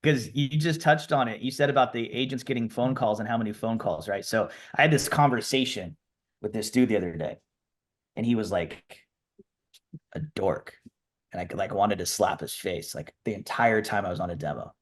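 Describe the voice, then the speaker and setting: A man on a video call telling a sales story in a casual, animated way and acting out both sides of the conversation. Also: on the low side, normal speed. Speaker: software company presenter.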